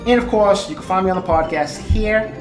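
A man's voice: high-pitched, fairly quick, roomy sound, music in the background. A man with a Boston accent hosting a solo podcast, ranting in a heated, profane, emphatic way. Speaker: podcast host.

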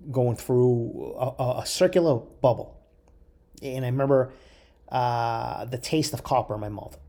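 A man telling a long personal story in a casual, profane way, acting out the people in it. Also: medium pitch. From Italian heritage, US. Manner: profane, animated, quotes others in voices.

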